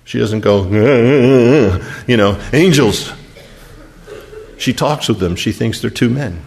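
A man preaching a sermon and retelling a scripture story, dropping to a hush and then rising to emphatic peaks. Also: medium pitch, slow pace, vocal fry, slight background noise. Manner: storytelling, wide swings from hushed to emphatic.

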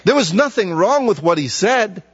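A man preaching in a friendly, conversational way, throwing in asides and questions to his listeners. His voice sits a little higher than most men's. The sound is dull and muffled, with a long reverb from the church hall. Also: very animated, normal speed, a bit bright, slightly rough. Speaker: pastor. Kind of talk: sermon.

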